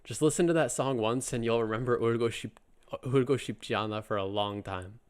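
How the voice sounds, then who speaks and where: A man's voice: medium pitch, racing, clean tone. A man giving a casual, chatty language lesson, joking and circling back with lots of fillers and restarts. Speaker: Korean language teacher.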